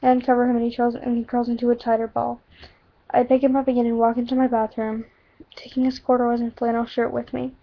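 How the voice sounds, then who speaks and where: A woman's voice: fairly high pitch, flat delivery, fast talker. A woman reading a story aloud, tossing in casual asides and fixing her own slips, on a dull lo-fi recording. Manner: casual asides and self-corrections. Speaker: reader.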